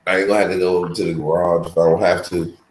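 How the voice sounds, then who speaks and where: A man's voice: low-pitched, little pitch movement, fast, darkish tone. A man chatting casually as co-host in a laid-back drawl. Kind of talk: casual chat. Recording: echoey room, faint noise.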